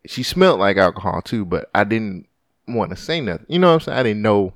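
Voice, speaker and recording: A man telling a story in casual chat, animated and acting out the voices of the people in it, swearing often. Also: fairly low pitch, fairly quick, dry recording, studio quality. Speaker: podcast co-host.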